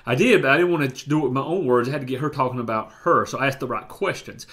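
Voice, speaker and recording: A male life coach with a Southern US drawl, talking at a middle pitch. He teaches in an emphatic, motivational way, circling back and repeating key phrases as he goes. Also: quick pace, fairly bright tone.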